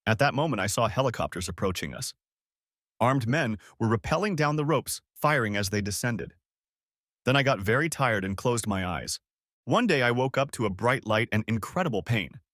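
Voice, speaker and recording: A man reading a first-person story aloud in a dramatic, expressive way. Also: mid-range voice, normal speed, dry recording, studio quality. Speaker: story narrator.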